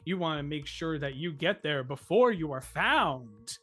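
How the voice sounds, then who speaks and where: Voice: mid-range voice, expressive, a little slow, a bit bright. A game master narrating a tabletop scene in a casual way, with many ums and frequent laughter. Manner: laughs often, fillers like um.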